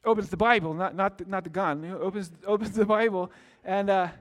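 A man's voice: high-pitched, steady tone, brisk. A man preaching a sermon as pastor, earnest and storytelling, building to emphatic exclamations.

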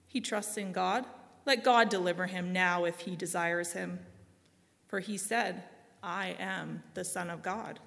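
A woman giving a solemn, measured scripture reading, slowing and softening at grave lines. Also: medium pitch, steady tone, vocal fry, big-room sound. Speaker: scripture reader.

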